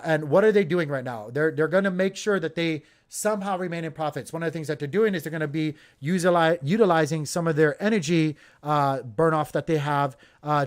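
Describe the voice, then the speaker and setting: On his crypto channel, a man with a fairly high voice offers casual market commentary. He fills his talk with lots of fillers and addresses viewers directly as "you guys."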